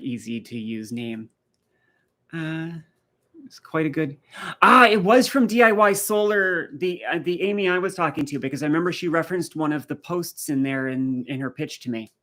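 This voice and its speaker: A man's voice: fairly high pitch, pushed and bright. A man from rural eastern Canada hosting a live stream in casual chat, telling stories and answering viewer comments. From rural east coast of Canada.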